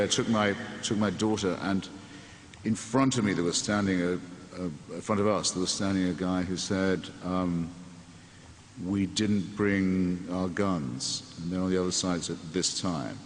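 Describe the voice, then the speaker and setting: A man's voice: lowish voice, fairly even intonation, fairly quick. A man, a sardonic guest talking on stage in a wry, digressive way. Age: 60s. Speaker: interview guest. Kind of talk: onstage conversation before an audience. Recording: echoey hall, faint room noise.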